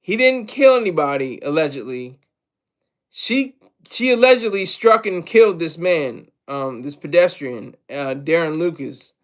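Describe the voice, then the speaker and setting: A man's voice: a little high, lively intonation, unhurried. A man hosting a casual livestream, rambling with many fillers and repeats, and asking viewers for tips. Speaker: livestream host.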